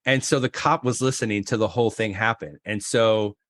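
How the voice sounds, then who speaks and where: A middle-aged man from Florida, a podcast guest telling a story with lively acted-out quotes, jumping into high voices for the other people in it. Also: fairly quick, no echo, clean studio sound. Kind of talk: animated storytelling.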